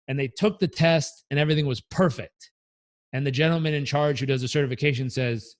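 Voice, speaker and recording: Speaking briskly at medium pitch, a man who works as a motivational coach shares a story during an interview. He's an animated storyteller who plays out each character in conversational fashion.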